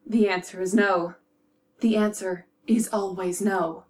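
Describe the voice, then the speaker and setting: A woman voicing a weary, patient teenage schoolboy wizard in an amateur audio drama, sounding dry and flat. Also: mid-range voice, a little slow, a little hiss or hum, close to an everyday voice.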